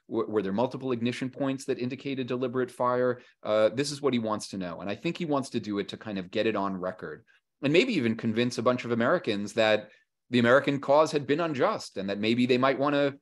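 A man being interviewed as a historian, talking casually and acting out what historical figures said, with frequent fillers and restarts. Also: mid-range voice. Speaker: historian and author guest. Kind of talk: conversational interview.

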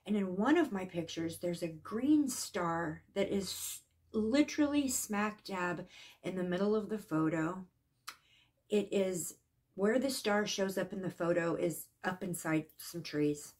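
A woman telling a personal story in a casual, earnest way, halting and shaken at times. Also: fairly low pitch, animated, a little mellow. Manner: earnest, emotional, halting with restarts. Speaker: psychic vlogger.

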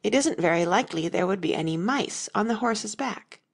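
A woman's voice: medium pitch, lively intonation, normal speed, vocal fry. Alice, as a woman reads her. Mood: curious. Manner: polite, curious. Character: curious, polite young girl.

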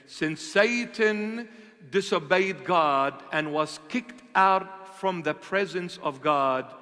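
A male bishop preaches a sermon in a high, pushed, bright voice, asking rhetorical questions and answering them himself. His emphasis is slow and deliberate, and the church hall gives a long echo.

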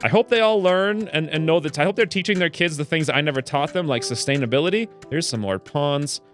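A man chatting casually while playing a video game, excitable and chatty, his voice jumping up high when something delights him, with a slightly stuffy nose. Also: a little fast, soft background music. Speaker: let's play gamer. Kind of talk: casual gameplay commentary.

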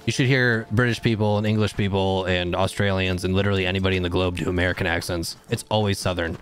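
A man streaming a video game live, chatting casually with his viewers and shouting at the screen during fights. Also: low voice, steady tone, fast, faint music behind. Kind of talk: casual gameplay livestream chat.

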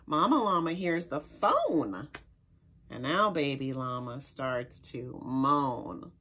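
Librarian lady reading a kids picture book, slow and sing-songy, lots of ups and downs in her voice. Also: rumbling low. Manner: expressive and sing-song, pausing to explain words to children. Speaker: children's librarian. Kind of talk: reading a picture book aloud to young children. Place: library story time recorded for online viewing.

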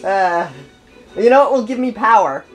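A woman's voice: medium pitch, normal speed, faint music behind, rough recording. A woman hosting a gaming video, chatting casually and playfully, often interrupting herself. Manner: playful, rambling, self-interrupting. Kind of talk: casual gameplay commentary.

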